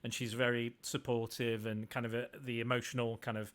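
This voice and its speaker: A man's voice: medium pitch, little pitch movement, brisk, fairly bright tone, clean tone. Hesitant man hosting a film podcast. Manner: hesitant, many restarts. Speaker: podcast host. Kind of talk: casual film discussion.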